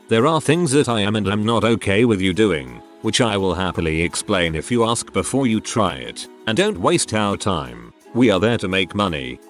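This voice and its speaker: A man reading online posts aloud in a steady, even scripted narration. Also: lowish voice. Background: faint background music.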